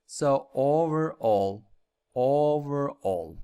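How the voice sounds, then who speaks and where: A man's voice: medium pitch, expressive, very slow, dark tone, smooth. A man teaching English with a Vietnamese accent, going over vocabulary and repeating each word several times. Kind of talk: slow classroom lesson with repetition.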